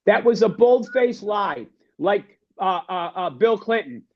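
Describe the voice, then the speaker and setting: A man's voice: high-pitched, expressive, unhurried, darkish tone. A man co-hosting a sports talk show, ranting in a fired-up way and repeating himself. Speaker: co-host. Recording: dull lo-fi sound.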